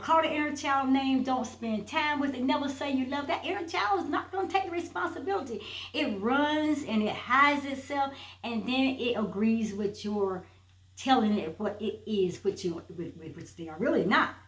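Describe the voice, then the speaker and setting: The recording is rough and the room echoey as this inspirational speaker, a woman with a high-pitched voice, delivers an emphatic motivational monologue. Repeated rhetorical questions carry her toward a point.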